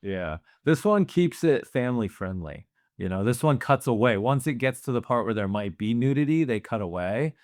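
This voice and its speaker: A man's voice: mid-range voice, lively intonation, normal speed, few pauses, darkish tone, no echo, clean studio sound. A man co-hosting a casual movie podcast, laid-back, often chiming in with short agreements. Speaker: podcast co-host.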